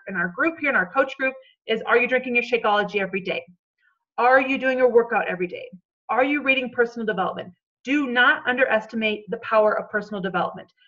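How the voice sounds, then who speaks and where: A woman's voice: on the high side, pushed and bright. Chatty woman coach with a dull recording. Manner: chatty, encouraging, frequent "okay?" check-ins. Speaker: team coach. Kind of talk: team call coaching talk.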